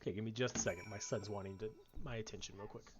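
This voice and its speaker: A man's voice: lowish voice, steady tone, rapid-fire, background noise. A male gaming streamer in casual commentary, rambling along with fillers and restarts. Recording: slightly dull lo-fi stream audio.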